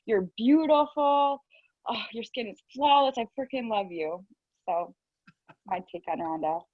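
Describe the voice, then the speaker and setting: A bubbly woman with a fairly high voice gushes warmly and laughs easily. The call audio is dull and very dry. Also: unhurried, no room sound. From Cleveland area. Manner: bubbly, gushing, laughing often. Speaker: group call participant. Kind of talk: casual heartfelt tribute. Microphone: video call.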